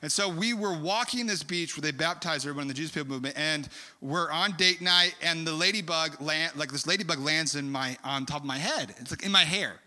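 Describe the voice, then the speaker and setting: Preacher man, bright forceful voice, rambling story sermon, echoing hall. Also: fairly high pitch, brisk, hardly any pauses. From California. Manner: animated, rambling storyteller with many fillers. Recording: long hall reverb.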